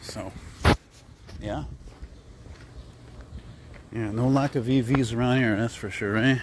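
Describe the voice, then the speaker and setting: A man's voice: mid-range voice, fairly even intonation, a little slow, long pauses. Man, chatty and digressive, talking to a handheld camera while walking outdoors, light traffic hum. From Canada. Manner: chatty, digressive, filler-heavy. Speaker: vlogger. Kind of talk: rambling walking vlog. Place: outdoor city street.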